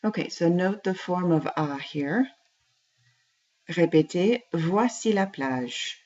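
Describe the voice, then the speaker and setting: A woman's voice: on the low side, lively intonation, takes it slowly, a little mellow. A woman teaching a French lesson, speaking patiently, saying French phrases and then translating them. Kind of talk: classroom language lesson. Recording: dull lo-fi recording.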